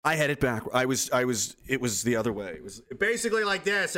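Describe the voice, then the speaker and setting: A man chatting casually on his livestream, rambling from point to point with plenty of swearing. His tone is sarcastic and loose, at an ordinary male pitch. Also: very animated, fast talker, hardly any pauses, bright, forceful tone. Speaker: livestream host.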